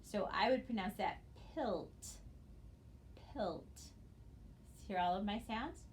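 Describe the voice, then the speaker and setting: A woman teaching a recorded phonics lesson, speaking patiently and encouragingly and spelling out letters slowly for her students. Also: mid-range voice, a little hiss or hum. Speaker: reading teacher.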